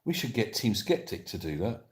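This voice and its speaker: A man's voice: fairly low pitch, very animated, normal speed. A man hosting a casual live stream from his sofa at home, rambling about films as he reads viewers' comments aloud and answers them.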